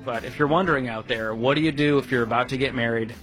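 A man's voice: mid-range voice, quick pace, a bit bright, soft background music, poor audio. A man co-hosting a money advice show, chatty and joking, sometimes acting out what people say. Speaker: co-host of a money call-in show. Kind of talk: casual radio talk.

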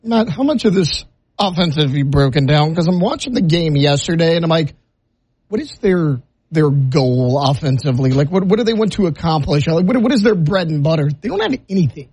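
A man on a sports talk show who asks questions in an animated way. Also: a little high, fairly quick, slightly rough, dry recording.

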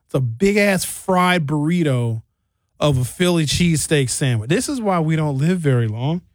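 A man's voice: fairly high pitch, animated, normal speed, dry recording, studio quality. A man hosting a radio talk show, ranting comically with put-on mocking voices. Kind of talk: casual radio monologue.

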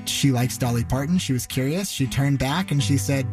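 A man narrating a news story with lively, conversational storytelling. His pitch sits in a middle range, and soft music plays faintly behind him. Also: moderate pace, hardly any pauses. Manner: conversational, vivid retelling. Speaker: reporter.

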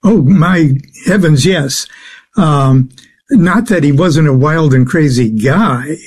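Slow, halting man with a higher voice. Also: slightly rough. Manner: slow, halting, many filler sounds. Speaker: guest expert on the occult. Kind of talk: interview answers.

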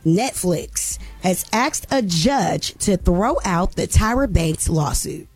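A woman's voice: fairly low pitch, expressive, takes it slowly, darkish tone, soft background music. A woman hosting a radio show, chatting casually about entertainment news with many fillers.

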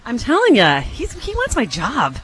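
A woman's voice: on the high side, huge pitch swings, normal speed, fairly bright tone. A woman reporting live for radio from an outdoor community event, chatty and bubbly, sometimes talking with her mouth full. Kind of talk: live radio remote broadcast.

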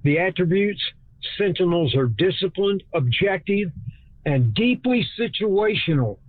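A man's voice: high-pitched, lively intonation, dry recording, phone-quality sound. A man from Texas, giving a folksy, speech-like scripted talk as host. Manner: folksy speech-like delivery, shifts between slow and fast.

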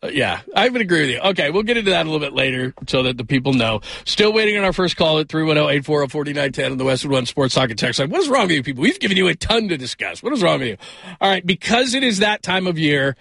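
Fill-in male sports radio host, rambling and jokey, bright voice, close dry mic. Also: on the high side, very animated, fast talker, creaky, dry recording. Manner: rambling, self-deprecating, laughs often. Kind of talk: casual sports talk radio. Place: radio studio.

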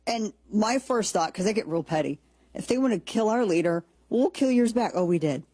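Husky-voiced woman hosting blunt political talk. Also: mid-range voice, lively intonation, normal speed, dark tone, no room sound. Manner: sarcastic, blunt and jokey, with frequent restarts. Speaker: political talk show host. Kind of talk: opinionated political commentary.

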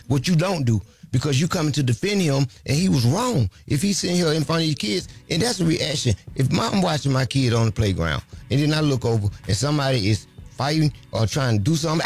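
Fast-talking blunt radio co-host man. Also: on the high side, expressive, dry recording, soft background music. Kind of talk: casual radio talk.

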